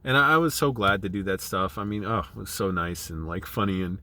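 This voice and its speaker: A middle-aged man, choked up, talking in a halting, emotional way, with many restarts and fillers. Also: deep voice, animated, sharp tone, a little hiss or hum. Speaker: channel creative director. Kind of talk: personal video diary.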